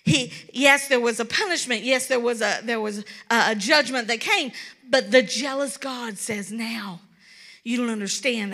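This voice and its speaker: High bright Kentucky woman preaching. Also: normal speed. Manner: earnest, pleading, repeats words when emphatic. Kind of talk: sermon.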